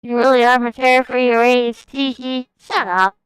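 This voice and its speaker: A young woman streamer chatting casually in an excitable, jokey way, often shouting and laughing. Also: fairly high pitch, moderate pace, clear, resonant tone, no room sound. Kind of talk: casual livestream chat.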